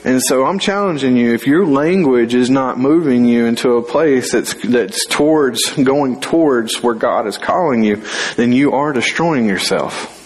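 A man's voice: mid-range voice, measured pace. A young man preaching a fervent sermon in church, on a stage mic. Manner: fervent, rising to loud dramatic scripture reading. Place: church sanctuary. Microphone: handheld or stage mic.

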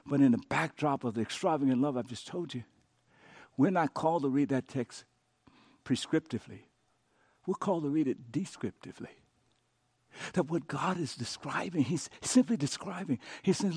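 A male pastor preaching a sermon, swinging from loud emphatic peaks to hushed, intimate passages, and talking straight to listeners and coaxing them to repeat prayers after him. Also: a little high, expressive, moderate pace, slightly rough, no room sound.

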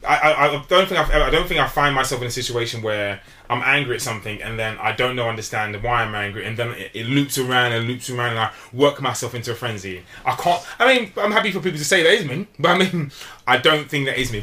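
A young man in casual chat, talking deliberately and explaining himself at length as a podcast co-host. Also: mid-range voice, sharp tone.

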